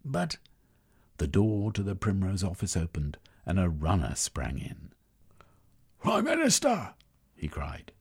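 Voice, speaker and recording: A man narrates an audiobook in a measured, expressive storytelling style. His voice is low-pitched with a breathy edge.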